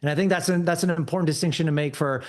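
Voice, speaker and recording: A man's voice: on the high side, steady tone, very fast. A man talking as a podcast guest, easygoing and encouraging in a casual conversation.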